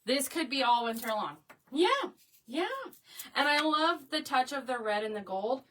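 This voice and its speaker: A middle-aged Oklahoma woman hosts a crafting live stream, her high voice a bit bright at a moderate pace. She's chatty and laughs easily, greeting viewers and reading their comments aloud, and she sounds a bit far from the mic.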